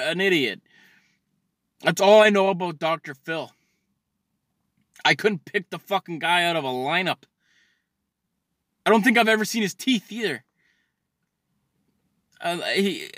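A man ranting comedically, swearing constantly and stammering through restarts, swinging between loud outbursts and low mutters. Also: no room sound, clean studio sound. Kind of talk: profane comedic rant.

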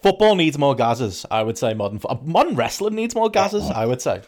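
A man's voice: mid-range voice, very animated, fairly quick, a little mellow. A man co-hosting a podcast, teasing and joking in casual chat. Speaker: podcast co-host.

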